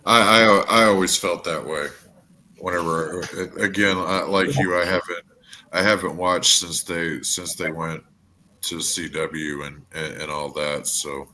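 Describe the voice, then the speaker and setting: A man's voice: sits low, steady tone, measured pace, bright, forceful tone, slight background noise. A man co-hosting a wrestling podcast, chatting casually, stammering and swearing as he rambles. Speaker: podcast co-host.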